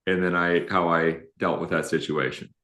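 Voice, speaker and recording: A deep, low-pitched middle-aged man on a live relationship show, telling stories in an animated, self-deprecating way. His voice carries a roomy echo from the space around him. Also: moderate pace. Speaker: relationship coach co-host. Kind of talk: live-streamed conversational talk.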